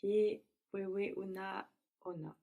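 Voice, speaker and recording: Female learner, flat delivery, creaky voice, tentative and self-correcting. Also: mid-range voice, very slow, lo-fi sound. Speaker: language student. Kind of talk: answering in a language lesson.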